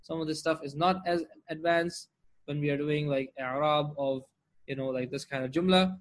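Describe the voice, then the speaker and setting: A man's voice: a little high, fairly even intonation, moderate pace. A man teaching Arabic grammar in an online class, explaining patiently, asking the class rhetorical questions and reciting Quranic verses fluently between his English explanations. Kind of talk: online lesson with shared screen.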